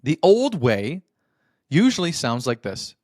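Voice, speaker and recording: A man's voice: a little high, very animated, measured pace, darkish tone, no echo, studio quality. A man hosting a podcast, giving earnest, coaching-style advice on marriage and often checking in with the listener. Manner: addresses listener as brother. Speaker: podcast host. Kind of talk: motivational marriage advice talk.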